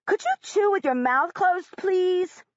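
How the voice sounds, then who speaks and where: A prim, scolding young schoolgirl with a big, high voice, as a woman narrator puts her on. Her lines come out sharp and loud. The audiobook recording is dry and a little muffled. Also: huge pitch swings, takes it slowly, no echo, exaggerated voice. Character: bossy sharp-tongued schoolgirl, young teen.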